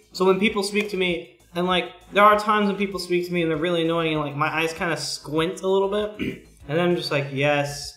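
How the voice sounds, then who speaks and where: A young man with a monotone voice chatting bluntly and profanely on a livestream, often clearing his throat. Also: high voice, brisk, echoey room, faint music behind. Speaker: streamer, school IT worker. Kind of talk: casual chat on a livestream.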